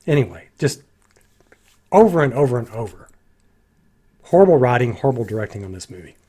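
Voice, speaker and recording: A man giving a casual spoken film critique, critical and animated, acting out lines of dialogue in his own voices. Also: mid-range voice, fairly quick, breathy edge. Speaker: movie reviewer.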